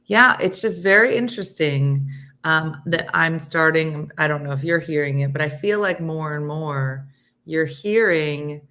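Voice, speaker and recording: A middle-aged woman hosts a relaxed morning chat, her voice sitting low. She talks loosely with fillers and reads viewer comments aloud between her own remarks. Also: unhurried. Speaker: host.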